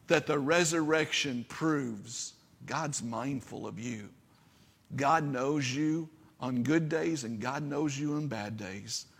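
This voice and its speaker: A man's voice: mid-range voice, in a large hall. A man preaching a sermon as pastor, earnest and building to impassioned peaks.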